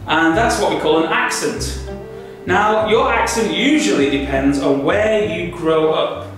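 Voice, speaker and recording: A man with a Lancashire accent hosting a children's show, talking in an animated, theatrical way with big swoops in his voice. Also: on the high side, measured pace. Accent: Lancashire English. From Lancashire, north of England. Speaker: children's show host and teacher. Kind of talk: lively presenting for children. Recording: very echoey room with music behind.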